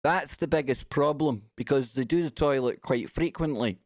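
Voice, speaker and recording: A man's voice: medium pitch, moderate pace, no room sound, studio quality. A man hosting a casual live stream, chatty and jokey, giggling as he reads out news. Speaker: radio show host.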